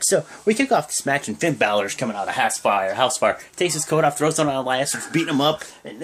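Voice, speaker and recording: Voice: medium pitch, a little hiss or hum. Rambling young wrestling-recap vlogger. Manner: rambling, full of fillers and restarts. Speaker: wrestling show reviewer. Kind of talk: casual play-by-play recap.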